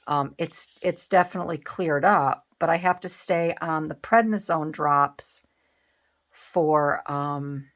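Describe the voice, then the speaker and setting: A woman's voice: deep voice, takes it slowly. A middle-aged woman vlogging in casual chat while making a collage, rambling with many fillers and restarts.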